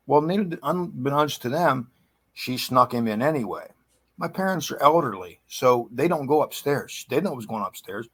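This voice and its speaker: A man's voice: medium pitch, animated, normal speed, fairly bright tone, breathy edge. A middle-aged man casually telling a true ghost story in a rambling, chatty way with frequent restarts. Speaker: guest storyteller.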